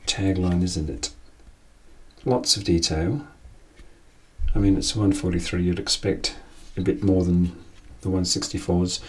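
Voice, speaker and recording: A man, hosting a casual collecting vlog as an enthusiastic, chatty storyteller. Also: sits low. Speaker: collector and channel host. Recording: distant from the mic.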